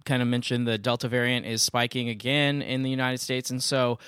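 An easygoing young man hosts a casual podcast, his smooth, clear voice pausing often on uh and um. The recording is close and dry, with no room sound. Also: mid-range voice, little pitch movement, a bit bright, dry recording. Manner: easygoing, hesitant, many uh and um fillers. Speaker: podcast host. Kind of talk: casual chat. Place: home studio in Greenwood.

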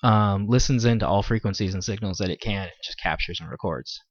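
A man's voice: fairly low pitch, brisk, no room sound, dull audio. A man co-hosting a casual podcast chat, rambling and swearing freely, with many fillers and restarts. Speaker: podcast co-host.

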